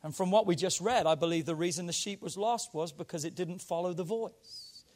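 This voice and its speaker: A man, a church pastor, preaching a conversational sermon to his congregation, now hushed and quiet, now rising with emphasis. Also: sits high, brisk.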